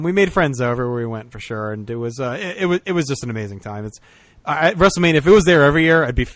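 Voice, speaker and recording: A man's voice: mid-range voice, no echo. A man co-hosting a podcast, telling a story in casual chat, swearing often and laughing as he talks. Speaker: podcast co-host.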